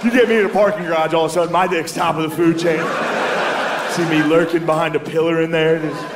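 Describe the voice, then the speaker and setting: A man with a high-side voice and fairly even intonation talks fast during a stand-up set at a comedy club before a live audience. He tells crude, self-deprecating stories and uses put-on voices, captured in a very noisy live recording full of loud crowd laughter.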